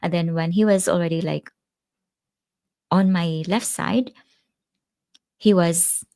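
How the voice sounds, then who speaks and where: Slow, low-voiced woman chatting on a livestream. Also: fairly even intonation, gravelly, a little mellow, no echo, studio quality. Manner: chatty, laughs often, reads viewer comments aloud. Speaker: livestream host. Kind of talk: casual live-stream chat.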